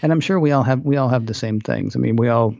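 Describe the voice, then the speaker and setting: A man with a gravelly voice chats casually as a podcast host. He rambles and hedges his points. The sound is dry and slightly dull. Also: medium pitch, quick pace, darkish tone, dry recording. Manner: rambling, self-qualifying. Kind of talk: casual chat.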